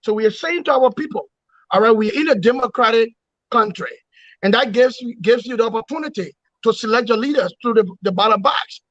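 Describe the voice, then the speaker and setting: A man with a high-pitched voice makes his case in an interview. He speaks like an orator, repeating phrases and firing rhetorical questions. The sound is dry and dull, with no room echo. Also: fairly quick, a bit bright. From Liberia. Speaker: opposition movement leader, guest. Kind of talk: political interview.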